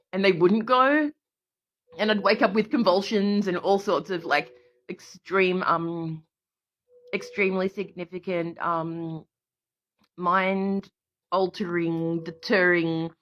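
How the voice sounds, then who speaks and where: A woman, talking casually on a livestream in a rambling, animated way and laughing often. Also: fairly low pitch. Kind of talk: casual live stream monologue. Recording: dull lo-fi audio.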